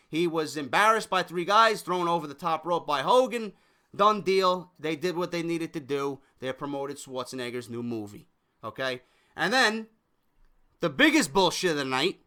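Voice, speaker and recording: Profane, ranting high-voiced young man. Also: pushed and bright. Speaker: wrestling show reviewer. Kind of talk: heated solo review rant.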